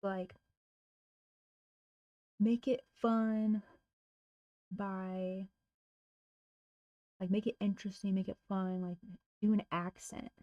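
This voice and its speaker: A woman's voice: medium pitch, level tone, slow, pauses often, warm tone, no room sound, highs cut off. A woman making real estate cold calls on a livestream, chatting casually and bluntly to herself in slangy language.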